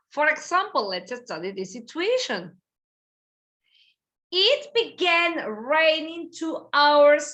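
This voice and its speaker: A woman teaching English grammar in an online class. She moves between English and Spanish, explains patiently and repeats key phrases with lively emphasis. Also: high-pitched. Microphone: video call.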